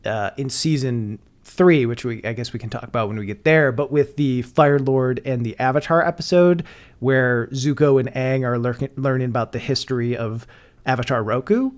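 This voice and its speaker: A man's voice: medium pitch, moderate pace. A man talking casually on a podcast, analytical and rambling with lots of filler words. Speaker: podcast co-host.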